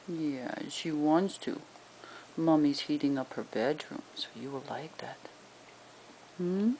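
A woman's voice: on the low side, unhurried, a little mellow, a little hiss or hum, low-quality recording. A woman at home, talking to her pet in cooing, coaxing baby talk. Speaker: pet owner. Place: home indoors.

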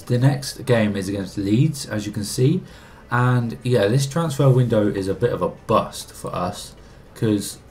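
A young man giving excitable, casual commentary while playing a football game, arguing back at the screen and laughing. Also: lowish voice. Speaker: gaming YouTuber.

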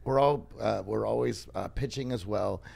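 Podcast host guy, super gravelly, kinda laid back, lots of uhs. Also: lowish voice, moderate pace. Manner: relaxed, hesitant questions with fillers. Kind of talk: podcast interview.

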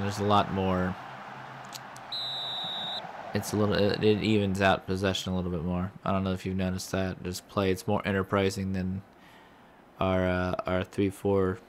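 A man's voice: low voice, little pitch movement, moderate pace. Frustrated, swearing man at a game. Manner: frustrated, swears a lot, rambling. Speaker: let's-play host. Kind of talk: casual gameplay commentary. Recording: audible background noise.

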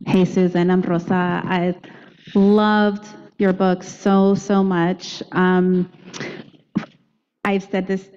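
A woman's voice: on the low side, flat delivery, extremely slow, long pauses, a little mellow. A woman in the audience, speaking earnestly and effusively and searching for her words as she asks a question. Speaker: audience member. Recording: muffled audio in a reverberant hall.

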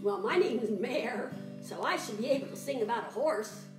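A woman teaching children's music in a live-streamed sing-along, animated and chatty, greeting viewers by name. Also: on the high side, moderate pace, reverberant.

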